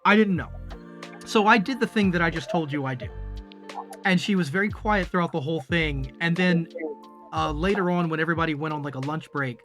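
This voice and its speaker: A lively man spins a drawn-out story in a casual chat, his voice sitting a little high for a man. He restarts his sentences often and breaks into laughter. Faint music plays behind him. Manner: animated, with frequent restarts and laughs. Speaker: Magic rules instructor.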